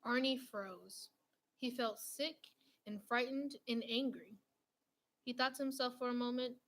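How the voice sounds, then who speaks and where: A woman reads a children's picture book aloud in a gentle, steady storytelling voice. Her pitch sits somewhat high. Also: a little slow, rough recording. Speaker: storybook reader.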